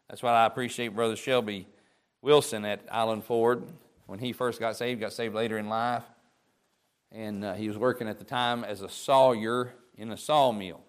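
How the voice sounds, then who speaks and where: A man's voice: mid-range voice, steady tone, normal speed, clean tone. A man delivering a homespun sermon, talking to his listeners as if across a kitchen table. He circles back, stumbling over repeated words as he gathers a thought, in a mid-range voice with an ordinary pace. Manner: folksy, conversational, repeats words when restarting. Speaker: preacher. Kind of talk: informal sermon.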